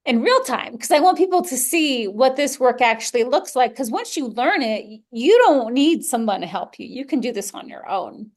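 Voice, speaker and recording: A young woman with a somewhat high voice hosts a personal podcast. She talks candidly and with animation, dropping casual swears and quick laughs as she tells her story. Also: sing-song. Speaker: podcast host.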